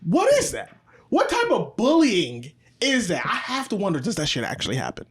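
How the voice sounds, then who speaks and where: A co-host on a casual podcast, joking around in an animated, profane way. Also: medium pitch, normal speed, slight background noise.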